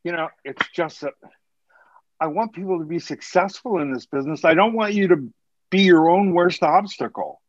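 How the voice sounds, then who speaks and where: A man's voice: fairly high pitch, moderate pace, no room sound, muffled recording. A man co-hosting a casual podcast, talking earnestly and a little preachily about his trade, rambling with restarts and the odd laugh. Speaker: podcast co-host, hair color educator.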